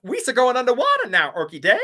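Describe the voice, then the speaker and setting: Squeaky goofy Jar Jar Binks. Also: male voice, huge pitch swings, fast talker, sharp tone, full character voice. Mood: silly eager. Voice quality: squeaky, childlike lisping babble. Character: goofy clumsy male alien sidekick.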